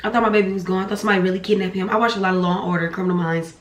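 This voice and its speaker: A young woman, telling a story casually while eating, acting out voices with sharp pitch jumps. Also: racing, reverberant. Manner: animated storytelling, acts out dialogue with pitch jumps. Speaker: vlogger. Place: home room.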